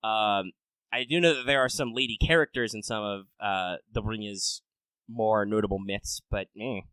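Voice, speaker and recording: A man hosting a casual podcast, rambling and swearing, swinging between loud rants and low mutters. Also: normal speed, clear, resonant tone, dry recording, rough recording. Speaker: podcast host.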